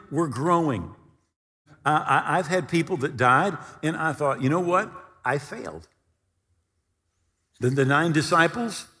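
Male pastor, sermon delivery, dramatizes quotes, slightly raised pitch, long reverb tail. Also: fairly bright tone. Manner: preaching with dramatic retellings of scripture quotes.

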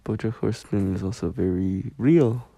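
A man's voice: on the low side, moderate pace, creaky, mellow, no room sound. A young man hosting a podcast from his bedroom, rambling in a goofy, self-mocking way. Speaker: podcast host. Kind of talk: rambling solo podcast chat. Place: bedroom, on a squeaky bed.

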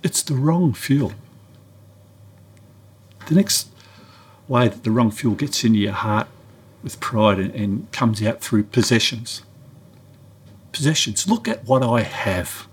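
A man's voice: slow pace, pauses often, husky. A middle-aged man giving a sermon-style talk, telling a story and acting out both sides of the dialogue. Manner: animated storyteller, acts out dialogue with raised pitch. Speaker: preacher.

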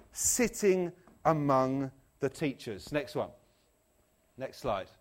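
A man preaching an animated, jokey sermon, acting out the people in his stories. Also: medium pitch. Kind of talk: lively sermon.

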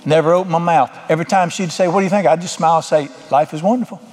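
A man's voice: a little high, rapid-fire, darkish tone. A middle-aged man preaching a sermon as pastor, folksy, with emphatic bursts. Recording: long hall reverb.

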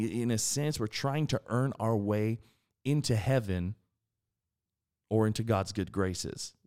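Man, lower voice, faith podcast co-host, earnest, animated, preacher-like delivery. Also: slow, smooth.

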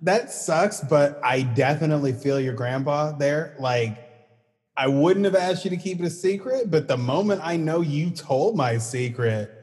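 A middle-aged man hosting a casual chat, relaxed and teasing, who laughs often. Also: on the high side, a little slow, long reverb tail.

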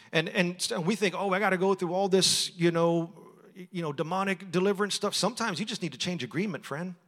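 A man's voice: high voice, a bit bright. A middle-aged man from Texas, preaching as a guest speaker in a conversational, storytelling way and laughing often. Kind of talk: sermon. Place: church sanctuary. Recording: long hall reverb.

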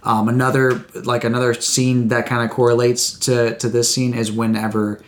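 A man's voice: mid-range voice, little pitch movement, moderate pace. Rambling podcast co-host, a man. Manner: rambling, self-correcting. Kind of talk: casual chat.

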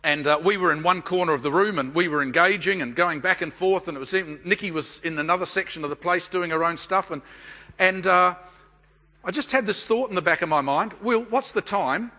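Bright-voiced Australian preacher in a hall. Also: male voice, high voice. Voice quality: measured, deliberate pauses. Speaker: pastor. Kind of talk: sermon with a storytelling manner. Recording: long hall reverb.

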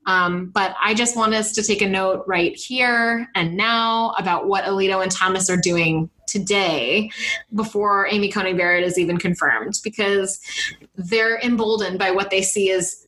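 A woman co-hosting a podcast, giving indignant political commentary with halting restarts and some swearing. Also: mid-range voice, fairly bright tone, rough recording. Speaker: podcast co-host.

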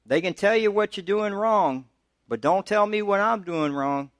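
An American pastor preaches a sermon, walking through scripture conversationally and raising his voice higher to press a point. He is expressive and keeps a moderate pace. There is no room sound.

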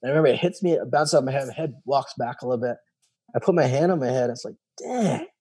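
A man's voice: medium pitch, very fast, mellow, breathy edge. A man, a former special operations soldier, telling his personal story candidly in an interview, acting out the voices of people he quotes and swearing casually.

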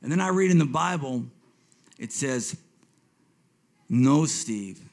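A man in his fifties telling his personal faith testimony to a congregation, swinging between hushed reflection and excited retelling, often repeating himself. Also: a little high, moderate pace. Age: 50s. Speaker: speaker giving a testimony.

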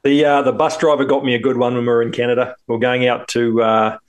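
Relaxed kiwi guy chatting on a podcast, average pitch, telling a travel yarn. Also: quick pace. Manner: easygoing, chatty storyteller. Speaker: podcast co-host. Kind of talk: casual chat.

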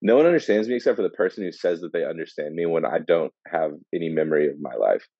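Deep-voiced man, casual and rambling. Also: fast, dry recording, dull audio. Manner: rambling, animated, acts out characters in funny voices. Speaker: podcast co-host. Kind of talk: casual book discussion.

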